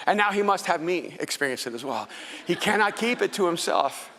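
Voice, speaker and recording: Male pastor, sermon. Bright, forceful preaching that dips to hushed intensity. Big hall reverb. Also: high voice, a little fast. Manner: animated storytelling, drops to soft intense near-whispers. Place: church hall before a congregation. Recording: large hall with long reverb.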